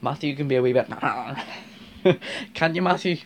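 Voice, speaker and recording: A man's voice: a little high, rapid-fire, a little hiss or hum. Chatty Northern Irish man rambling. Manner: rambling, chatty, laughs often, many fillers. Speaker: vlogger, model railway fan. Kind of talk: casual chat to camera.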